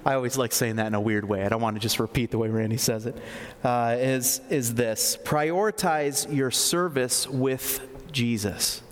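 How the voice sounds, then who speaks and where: A man's voice: medium pitch, level tone, fairly quick. Man preaching in a reverberant hall. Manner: conversational, with fillers and asides. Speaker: pastor. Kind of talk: sermon. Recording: long reverb of a large hall.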